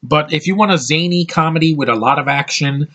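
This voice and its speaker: The audio is dull, but the American man's voice comes through fairly high, brisk and fairly bright. He's giving a rambling, casual film review, bluntly opinionated, cursing freely and restarting sentences again and again.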